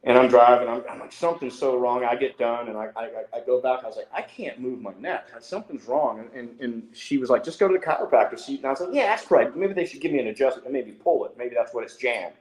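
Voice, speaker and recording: A man's voice: quick pace, few pauses. A middle-aged man telling stories on a podcast in a loose, swearing way, acting out what others said. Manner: animated, swears freely, acts out quotes in a higher voice. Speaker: podcast guest. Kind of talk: casual storytelling. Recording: roomy echo.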